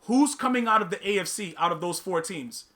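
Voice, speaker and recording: A man's voice: sits high, expressive, a little fast, fairly bright tone. A man hosting a live podcast stream, chatting casually with his viewers, using slang, repeating himself and teasing the chat.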